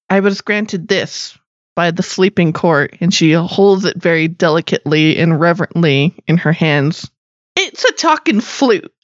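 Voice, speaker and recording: A woman's voice: fairly low pitch, dry recording, dull audio. A woman playing an earnest, newly changed young vassal. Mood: warm. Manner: earnest, thoughtful, hesitant restarts.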